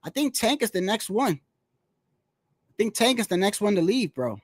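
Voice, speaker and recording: A man's voice: high-pitched, sing-song, normal speed, dry recording, studio quality. A man talking casually about boxing in a rambling, slangy, profane way. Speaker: boxing commentator. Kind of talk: casual solo boxing talk.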